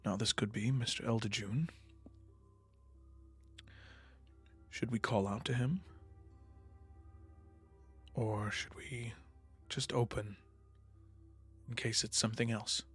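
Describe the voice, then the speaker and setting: A man's voice: on the low side, fairly even intonation, unhurried, pauses often, breathy edge, soft background music. A man whispering as a cautious adventurer in whispered role-play. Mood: hushed cautious. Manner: hushed, careful whisper. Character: cautious male adventurer whispering to his party.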